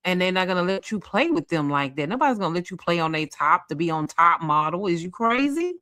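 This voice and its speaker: A woman giving casual reaction commentary, animated and exclamatory, talking straight to her viewers. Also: fairly low pitch, brisk, dry recording, studio quality.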